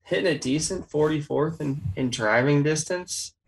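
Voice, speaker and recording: A man's voice: on the high side, normal speed, creaky, poor audio. A man hosting a casual golf betting chat, rattling off odds and stats. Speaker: golf betting podcast host.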